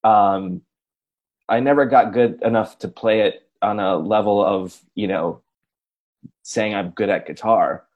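Man in his 40s, low husky voice, casual podcast storyteller with a rambling, self-mocking delivery. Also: a little slow, phone-quality sound. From Racine, Wisconsin, USA. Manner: rambling, self-deprecating, full of asides like "you know" and "right?". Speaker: podcast co-host, radio personality.

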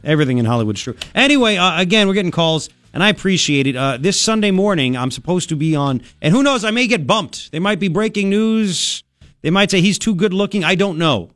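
A man's voice: sits high, expressive, a little fast, fairly bright tone, dry recording, soft background music. A man hosting a talk radio show, delivering a brash, sarcastic, opinionated monologue into a studio microphone.

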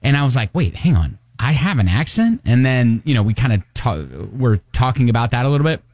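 A man's voice: medium pitch, animated, a little fast, a little mellow, no room sound. A middle-aged man with a Kentucky accent hosting a casual morning radio chat, rambling with fillers and laughs. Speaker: radio show host. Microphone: studio mic.

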